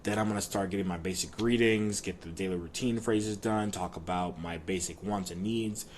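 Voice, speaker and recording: A man's voice: deep voice, fairly even intonation, moderate pace, slight background noise. A man casually explaining his language study plan and pronunciation practice to viewers, with chatty filler ums. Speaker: language learner vlogger.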